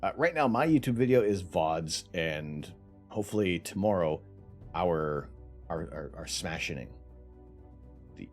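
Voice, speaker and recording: A man's voice: deep voice, lively intonation, measured pace, pauses often, faint music behind. A man from Canada hosting a casual livestream, rambling through viewer questions with many restarts. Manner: rambling, reads out chat, lots of restarts. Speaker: livestream host.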